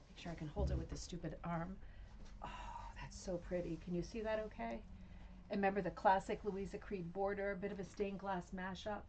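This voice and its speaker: A woman hosting a casual craft chat, gushing and rambling with many fillers as she shows a rug to viewers at home. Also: medium pitch. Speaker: rug hooking channel host.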